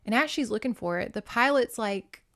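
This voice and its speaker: A woman podcast host casually recapping a novel in an animated, profane way, addressing listeners directly. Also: fairly high pitch, moderate pace.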